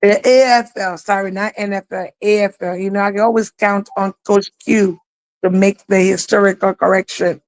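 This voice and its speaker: A woman's voice: mid-range voice, steady tone, normal speed, no echo, rough recording. Woman co-host of a live talk stream, heartfelt rambling storyteller, dry close sound. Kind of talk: live online talk show.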